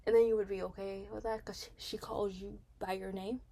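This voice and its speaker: A woman giving casual commentary on a reality show, rambling and animated, with frequent restarts and fillers and rising emphasis when indignant. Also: mid-range voice, a little fast, vocal fry, slight background noise. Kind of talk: casual opinion vlog.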